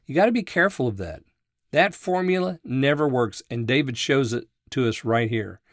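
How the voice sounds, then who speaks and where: A man's voice: medium pitch, animated, moderate pace, no room sound, studio quality. A man giving a folksy, conversational Bible teaching on a radio show, thinking aloud and chuckling now and then.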